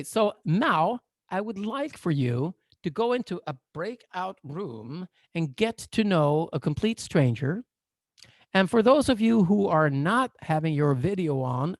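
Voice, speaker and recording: A man coaching a workshop over a video call, explaining in a playful, animated, joking way. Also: on the high side, no room sound, studio quality. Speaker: coach and therapist. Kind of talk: online workshop lecture.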